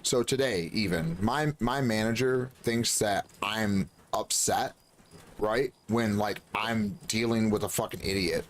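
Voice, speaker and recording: A man streaming a game and chatting casually, telling animated stories full of swearing and acted-out quotes. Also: fairly low pitch, unhurried. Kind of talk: casual chat.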